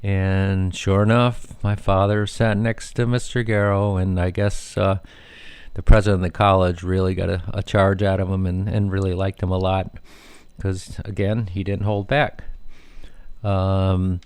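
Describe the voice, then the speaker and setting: A man's voice: deep voice, little pitch movement, unhurried, a little mellow, clear, resonant tone, no room sound. A middle-aged man hosting a radio show, telling rambling family stories with many fillers and restarts.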